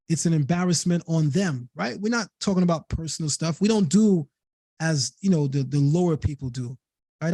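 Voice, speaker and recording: A man's voice: fairly high pitch, a little mellow, dry recording, studio quality. Emphatic man hosting a late-night live stream. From Caribbean descent. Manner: emphatic, repetitive, stressing words to make a point. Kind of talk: heated live stream commentary.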